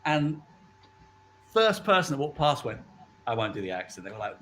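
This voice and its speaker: A man's voice: mid-range voice, very animated, normal speed, pauses often, fairly bright tone, slight background noise. A middle-aged man, a guest on a chat stream who tells stories with animation and acts out the voices of the people he quotes. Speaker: guest from a toy company. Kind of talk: casual chat.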